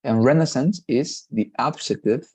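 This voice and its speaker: A man teaches an English lesson, going through the grammar one step at a time. His voice is dark and mellow, and he keeps asking "right?" to check his students are following. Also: mid-range voice, normal speed, husky. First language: Spanish. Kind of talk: online class explanation.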